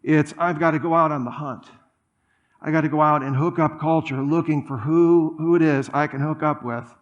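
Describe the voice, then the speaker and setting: A man preaching a sermon in a church, conversational and animated, with asides and humor. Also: on the high side, moderate pace, lo-fi sound. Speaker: pastor. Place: church auditorium.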